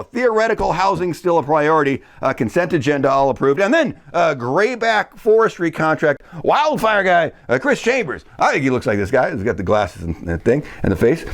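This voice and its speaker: Sarcastic guy recapping a council meeting, kinda high voice that jumps around a lot. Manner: sarcastic, mimics speakers in quick quotes. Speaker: local commentator recapping a city council meeting. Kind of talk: casual recap monologue.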